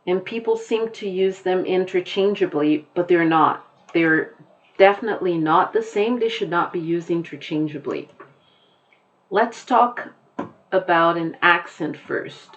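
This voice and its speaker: A woman with an American accent teaching a lesson, explaining deliberately and repeating her key points. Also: fairly low pitch, dull audio.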